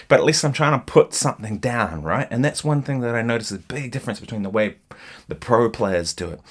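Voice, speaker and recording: Man, guitar teacher, low-pitched voice, relaxed, chatty, rambling, lots of fillers. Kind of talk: casual video lesson. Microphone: single mic, holding guitar while talking.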